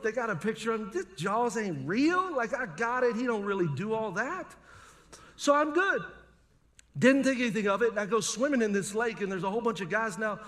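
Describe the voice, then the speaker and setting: With a very high, slightly bright voice, this middle-aged pastor delivers a sermon built around personal stories, keeping it humorous and conversational.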